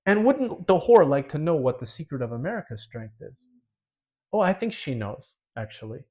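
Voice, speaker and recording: Dramatic, fairly high-voiced male preacher. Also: big pitch swings, normal speed, muffled recording. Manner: dramatic, swings between loud and hushed. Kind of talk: sermon storytelling.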